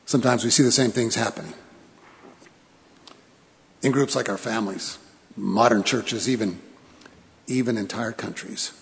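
Gravelly man preaching in reverberant church. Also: on the low side. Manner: storytelling, with pauses for emphasis and repeated phrases. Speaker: pastor. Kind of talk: sermon. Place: church sanctuary.

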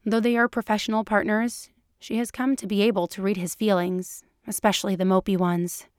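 A woman's voice: medium pitch, flat delivery, a little fast, no echo, studio quality. A woman reading fan fiction aloud in a playful, amused narrating manner. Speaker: reader.

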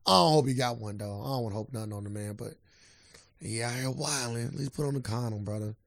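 Man, gravelly, casual podcast co-host, teasing and easygoing, dry sound. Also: mid-range voice, quick pace, no room sound. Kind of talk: casual chat.

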